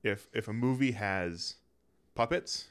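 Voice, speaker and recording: A man's voice: fairly low pitch, slow, smooth. A young man co-hosting a podcast in casual chat, enthusiastic and often repeating words as he starts a sentence. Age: young adult. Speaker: podcast co-host.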